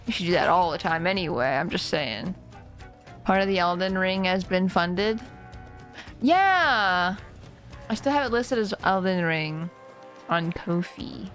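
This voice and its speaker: A woman's voice: lowish voice, lively intonation, unhurried, long pauses, fairly bright tone, faint music behind. A young adult woman streaming a video game, chatting casually and playfully with viewers. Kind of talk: casual gameplay commentary.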